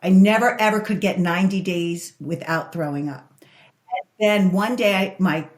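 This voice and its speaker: A woman in her sixties from Spain, a guest talking candidly about her life, emotional and quick, repeating words as she goes. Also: on the low side. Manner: emotional, rushed, repeats herself. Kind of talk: candid interview storytelling. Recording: echoey room.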